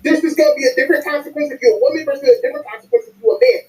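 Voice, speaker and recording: High fast voice firing back questions in a podcast argument. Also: expressive, darkish tone, reverberant, rough recording. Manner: quick, pushes back with hypotheticals. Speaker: podcast co-host. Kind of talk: heated debate.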